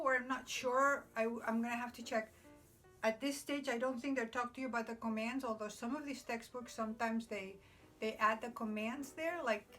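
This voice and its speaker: A woman's voice: a little high, fairly bright tone. A woman teaching Spanish grammar at a whiteboard, explaining patiently in English with Spanish examples and checking in with "okay?" often. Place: classroom with a noisy whiteboard.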